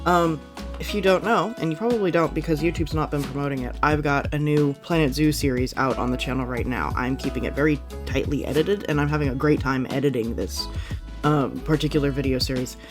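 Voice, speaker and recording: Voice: mid-range voice, fairly quick, music in the background. A gaming YouTuber giving casual reaction commentary, chatty and upbeat, rambling with many fillers and self-corrections. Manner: upbeat and enthusiastic.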